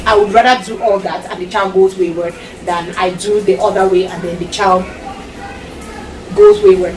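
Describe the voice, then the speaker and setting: A woman's voice: mid-range voice, reverberant, background noise. Emphatic Cameroonian woman vlogger, distant mic. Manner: emphatic and repetitive, slips into Pidgin phrases. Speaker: mom vlogger. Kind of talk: casual advice talk to camera. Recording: distant mic with loud background ambience.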